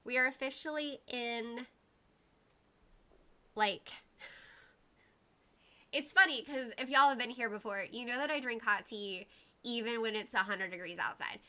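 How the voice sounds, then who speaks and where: A woman chats casually to her livestream viewers, rambling from topic to topic and greeting people by name. Her voice is bright and clear and sits a little high, with plenty of likes and y'alls. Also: a little slow, pauses often. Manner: uses y'all and like often. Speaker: livestream host.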